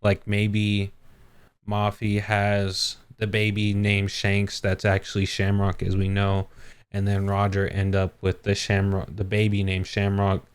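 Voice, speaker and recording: Guy chatting on his podcast, low-ish smooth voice, unhurried, does little character bits. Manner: animated, acts out characters' lines in quick bursts. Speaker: podcast host. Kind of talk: casual chat.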